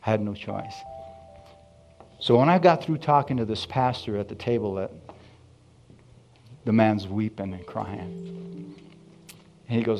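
A man preaching a sermon, telling his story with lively acted-out dialogue. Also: lowish voice, measured pace, long pauses, lo-fi sound, soft background music. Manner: animated storytelling, acting out dialogue. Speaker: pastor.

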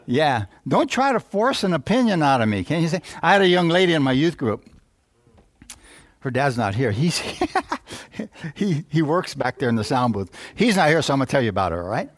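A male pastor preaching a sermon, calling for amens, chuckling at times and reading scripture slowly. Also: fairly high pitch, very animated, no echo.

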